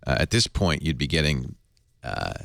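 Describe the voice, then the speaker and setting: A man's voice: rumbling low, big pitch swings, normal speed, gravelly, fairly bright tone, dry recording, studio quality. A man hosting a tech podcast, chatting casually and reading an ad, jokey and laughing often. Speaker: podcast host. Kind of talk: casual tech podcast chat and host-read ad.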